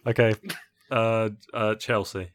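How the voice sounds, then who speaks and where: A man's voice: on the low side, steady tone, slow pace. A man playing a casual football quiz as a contestant, hesitating with frequent ums. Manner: hesitant, fills with ums, laughs easily. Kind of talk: casual chat.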